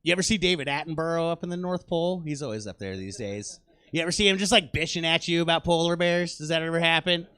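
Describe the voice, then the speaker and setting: A man's voice: fairly high pitch, fast talker, sharp tone, clean tone. A man doing stand-up comedy in a small theater, ranting in an exasperated, self-deprecating way to a live audience.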